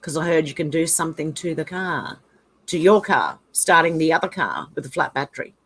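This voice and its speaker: A deep, animated, slightly bright voice with a breathy edge and a brisk pace comes from an Australian woman hosting a relaxed livestream. Chatty and quick to laugh, she reads viewer comments aloud and chats about them.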